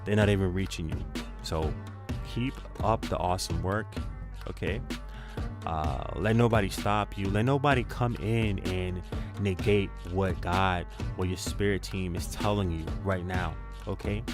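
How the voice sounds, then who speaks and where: A man's voice: low voice, a little slow, over music. A man giving a spiritual tarot reading in a casual, slangy, encouraging way, repeating himself for emphasis. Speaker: tarot reader.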